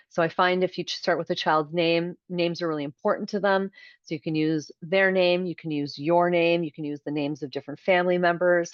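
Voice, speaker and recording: A woman, a kindergarten teacher, presenting an online workshop for parents and clearly modeling sounds. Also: deep voice, dry recording, lo-fi sound. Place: video call.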